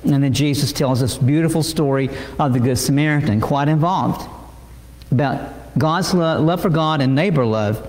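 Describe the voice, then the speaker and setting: A male pastor delivering a sermon, halting with many repeated words and fillers. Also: a little high, a little mellow. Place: church sanctuary. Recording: echoey church hall.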